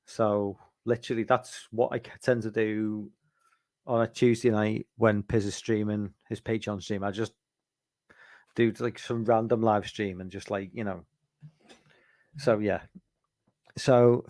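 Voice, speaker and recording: A man's voice: lowish voice, unhurried, darkish tone, dry recording, studio quality. A middle-aged British man chatting loosely and sweary in a late-night Q&A stream, tired and rambling with many restarts. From United Kingdom. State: tired, fighting sleep. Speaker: live streamer. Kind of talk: late-night casual Q&A chat.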